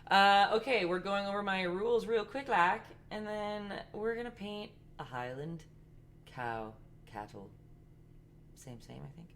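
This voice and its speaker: A woman hosting a casual live-stream painting lesson, chatty and rambling, talking fast. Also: medium pitch, animated, fairly bright tone, slight background noise. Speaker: art instructor and live-stream host.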